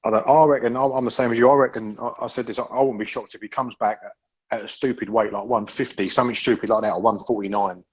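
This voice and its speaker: A man's voice: mid-range voice, fairly even intonation, quick pace, breathy edge. A man in a casual podcast chat about boxing, rambling with many restarts and swearing freely. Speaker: podcast panelist. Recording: dull lo-fi audio.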